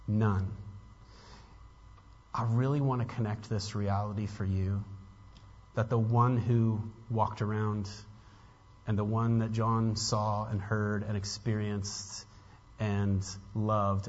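A man's voice: mid-range voice, slightly rough. A man preaching a sermon as pastor, earnest and building to emphatic peaks, with casual asides to the congregation. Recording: dull lo-fi with long hall reverb.

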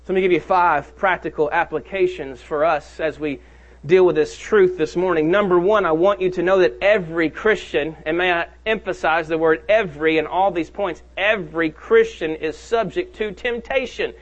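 A male pastor preaching a sermon to his congregation. He leans hard on key phrases and draws them out slowly. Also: fairly high pitch, steady tone, muffled recording. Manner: preaches with rising emphasis and slow, drawn-out key phrases. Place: church sanctuary.

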